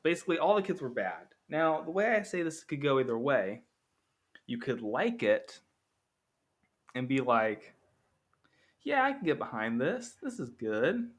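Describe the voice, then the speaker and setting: A man hosting a casual podcast monologue comparing two films, rambling with many fillers and acting out characters' lines. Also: medium pitch. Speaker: podcast host.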